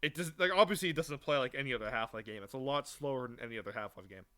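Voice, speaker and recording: A man's voice: medium pitch, rapid-fire, bright, forceful tone. A young man co-hosting a podcast, chatting casually, swearing freely and rambling with restarts. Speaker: podcast co-host. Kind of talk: casual chat.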